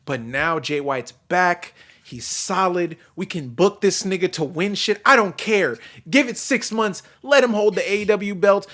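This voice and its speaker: A man hosts a podcast in loose, casual chat. His voice sits a little high, and his excitement spills out in loud bursts before it falls back to hushed, slangy asides. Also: a little slow, few pauses. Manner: excitable, swings from shouting to hushed; heavy swearing, slangy. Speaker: podcast host.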